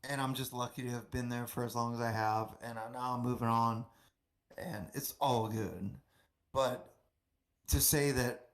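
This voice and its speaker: A man, a guest on a live stream, talking in a rambling, emotional way with heavy swearing. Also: medium pitch. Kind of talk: casual stream chat.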